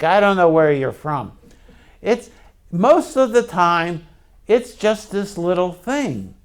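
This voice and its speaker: A man preaches in a relaxed, conversational style, and his voice sits fairly high. He talks slowly, stopping to put questions to his listeners, and speaks openly about his own struggles. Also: clear, resonant tone. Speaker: pastor. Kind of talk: sermon.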